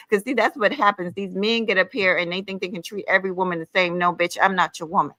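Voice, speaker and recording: A woman's voice: medium pitch, fairly even intonation, quick pace, hardly any pauses, bright, forceful tone, no echo. A woman hosting her own livestream, ranting heatedly in a sassy, profane, scolding way, calling listeners honey and child. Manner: emphatic, with frequent "honey" and "child". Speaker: livestream host.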